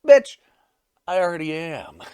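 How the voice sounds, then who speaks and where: A man's voice: mid-range voice, animated, slow, fairly bright tone, smooth, no echo, clean studio sound. A man voicing a laid-back, cocky male pirate captain in a casual, joking manner.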